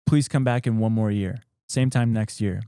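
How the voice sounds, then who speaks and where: A man voicing a holy hermit woman of the desert, speaking in calm, grave pronouncements. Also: lowish voice, normal speed, clean tone, no echo, clean studio sound, lightly acted. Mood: solemn.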